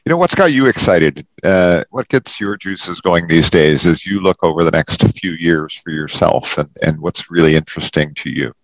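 A man hosting an interview podcast, asking his guest questions in a measured, gently encouraging way. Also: low voice, lively intonation, no room sound, poor audio. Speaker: podcast host.

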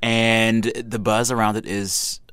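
A man hosting a podcast interview, chatty and quick with eager follow-up questions. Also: on the low side, level tone, a bit bright, clean tone, dry recording. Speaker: podcast host. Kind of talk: conversational interview.

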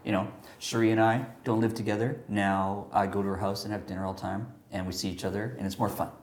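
A man's voice: lowish voice, quick pace, echoey room, slight background noise. A man telling a personal story in casual chat, rambling with lots of fillers and acting out what people said. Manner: rambling, animated, many fillers, acts out quotes.

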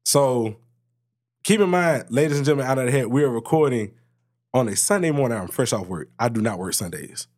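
A man co-hosts a casual podcast, telling a story about work. His pitch swings widely and jumps up high when he gets worked up. He swears freely and talks in loose, animated bursts. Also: brisk. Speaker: podcast co-host. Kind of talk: casual chat.

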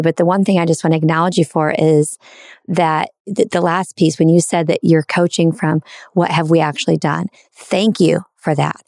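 Woman, interview host, earnest, affirming, low pitch, dry sound. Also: a little mellow, no room sound. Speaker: podcast host. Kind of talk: interview conversation.

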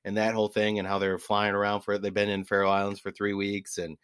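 A man in his forties, a podcast guest telling travel stories in an animated, laughing way. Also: fairly low pitch, quick pace, clean tone, no echo. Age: 40s. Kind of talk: casual storytelling.

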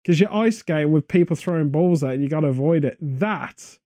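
Man, comedic podcast rambler, mellow voice, slightly raised pitch, dry close sound, deadpan tangents. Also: fairly quick, no echo. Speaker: podcast co-host.

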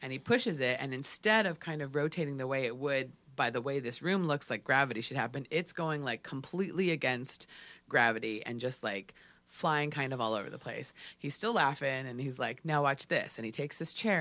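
Animated man telling a wild story. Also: mid-range voice, brisk, no echo. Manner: animated, filler-heavy with frequent "like". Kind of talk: casual storytelling chat.

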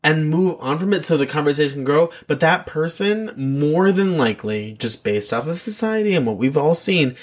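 A podcast host keeps the talk going in a chatty, casual way. The host agrees quickly and swears freely. The voice sits in a middle range. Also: mid-range voice, expressive. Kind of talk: casual conversation.

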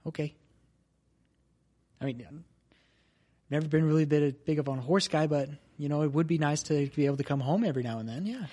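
A man plays a hesitant young apprentice in a tabletop role-play. His voice is fairly high and a little husky, and he restarts his sentences often. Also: a little fast, long pauses, warm tone, lightly acted. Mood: unsure. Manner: hesitant, stammering.

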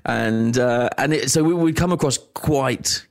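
A man's voice: mid-range voice, measured pace. A man, chatting casually and telling stories on a podcast. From England. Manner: chatty, laughs often, tells stories. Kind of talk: casual chat.

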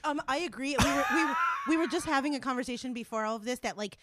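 A woman's voice: sits high, fast, very noisy. A woman hosting a casual podcast conversation, giggly and full of filler words. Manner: giggly, filler-heavy chatter.

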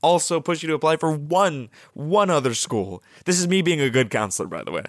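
A man playing a blunt exasperated school counselor, deadpan, dry close sound. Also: on the high side, fairly quick, no echo. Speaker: comedy podcast co-host. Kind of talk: improvised comedy sketch.

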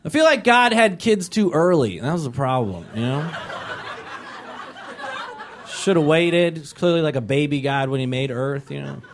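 A young man performing a stand-up comedy set on a club stage, acting out characters with sudden shouted voices. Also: on the high side, expressive, moderate pace, long pauses, slight background noise.

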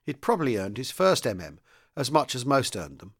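A man reading a novel aloud in a steady, measured narrating voice. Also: medium pitch. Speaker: reader. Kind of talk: audiobook-style novel reading.

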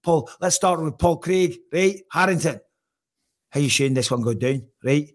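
Energetic joking male sports-show host. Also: a little high. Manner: energetic, jokey, quick topic shifts. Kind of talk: casual sports talk.

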